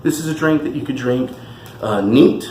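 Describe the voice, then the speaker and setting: A man's voice: medium pitch, normal speed, darkish tone, a little hiss or hum. Chatty, enthusiastic man in an echoey room. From California. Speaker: spirits reviewer. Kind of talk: casual tasting review. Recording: echoey room with faint music.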